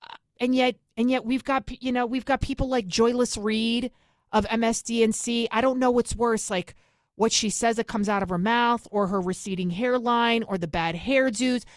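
A woman's voice: fairly high pitch, steady tone, no echo, studio quality. Indignant New York woman host. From New York City. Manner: indignant, emphatic, rapid asides. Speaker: political commentary host. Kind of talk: opinionated monologue.

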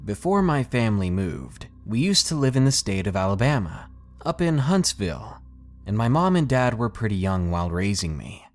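A man reading first-person scary stories in a steady, scripted narration with dramatic pauses. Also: on the low side, soft background music. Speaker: storyteller reading submitted stories.

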